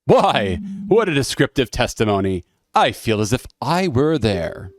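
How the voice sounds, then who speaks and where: A man's voice: mid-range voice, very animated, measured pace, no room sound. A man voicing a pompous old male judge who speaks formally and dryly. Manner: formal, dry.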